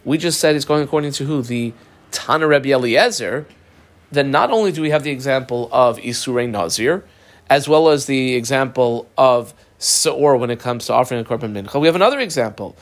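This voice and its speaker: Man, Talmud teacher, reads Aramaic then explains, yeshiva-style Hebrew, middle pitch. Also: brisk. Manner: uses Yiddish-influenced yeshiva pronunciation of Hebrew. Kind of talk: Talmud study class.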